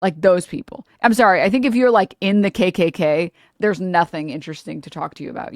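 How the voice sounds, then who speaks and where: A woman's voice: lowish voice, dry recording, studio quality. A woman live streamer ranting about politics to her chat, blunt, sarcastic and profane, often laughing mid-sentence. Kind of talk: casual political rant to chat.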